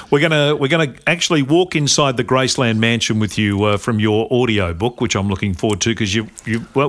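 An Australian man hosting a podcast, jokey and teasing, with frequent uh pauses. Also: mid-range voice, fairly bright tone. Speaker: podcast host. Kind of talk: casual chat.

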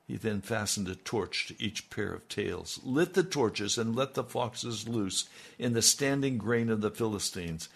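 Male preacher, gravelly and husky, folksy sermon storytelling with asides. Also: on the low side, expressive, measured pace. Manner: folksy retelling with conversational asides.

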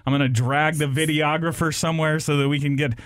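A man's voice: a little high, fairly even intonation, quick pace, no echo, clean studio sound. A man co-hosting a show, bantering casually in a sarcastic, mock-aggrieved way, rambling with frequent restarts. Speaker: radio show co-host.

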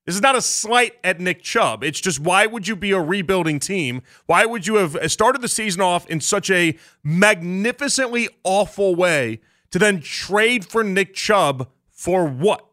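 A male sports radio host with a high, ringing, bright voice. He talks in an animated rapid-fire rant full of jokes and asides, keeping his listeners in on the argument. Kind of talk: sports talk radio monologue.

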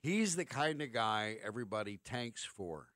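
A middle-aged man rants through a sports radio segment, sarcastic and emphatic, stacking up rhetorical questions. His voice sits at an ordinary pitch. The sound is dry, with no room echo. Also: lively intonation, normal speed, fairly bright tone. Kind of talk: opinionated sports talk radio rant.

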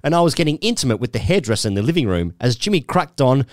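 A man reads a letter aloud on a podcast, his pitch swinging up and down a lot. He laughs often along the way. The sound is dry and close to the mic. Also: very animated, quick pace, dry recording. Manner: keeps breaking into laughter while reading. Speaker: podcast co-host. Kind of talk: reading a listener letter aloud.

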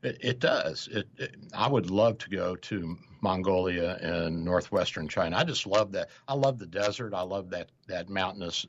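A man's voice: low voice, lo-fi sound. A male radio show host in casual talk, rambling with many hesitations and acting out quotes.

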